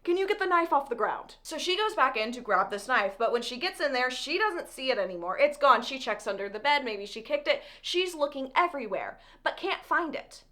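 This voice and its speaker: Bright, high-voiced woman recapping a book. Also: expressive, brisk, few pauses. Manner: chatty, dramatic, with joking asides. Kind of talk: animated casual book recap.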